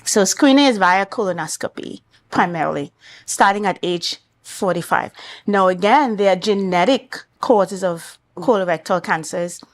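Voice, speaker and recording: Guesting on a morning talk show, a woman doctor from Trinidad and Tobago speaks in a measured, clinical style. Her voice is mid-range, and her intonation is lively.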